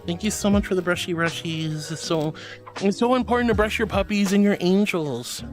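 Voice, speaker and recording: A man streaming live who reads chat messages aloud and thanks viewers warmly, calling them honey and darling, with bursts of excited squealing. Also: high-pitched, moderate pace, soft background music. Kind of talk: livestream chat reading.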